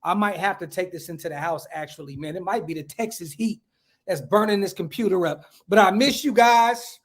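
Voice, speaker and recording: A man hosting a casual livestream podcast outdoors at home, talking in hyped slang and giving shout-outs to viewers. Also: sits high, a little fast. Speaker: podcast host.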